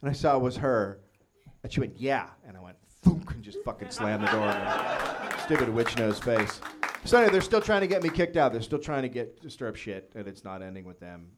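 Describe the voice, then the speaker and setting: A man's voice: mid-range voice, a little fast, a loud crowd, very noisy. A man co-hosting a live comedy podcast, telling crude stories with a lot of swearing. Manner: profane storytelling, animated. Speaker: podcast co-host.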